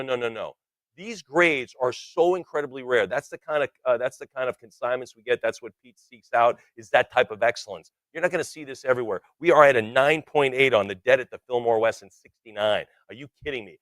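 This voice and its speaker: A man in his sixties calling bids as a live auctioneer, chanting numbers in quick repetition and breaking off for joking asides. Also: medium pitch, fairly bright tone, no echo.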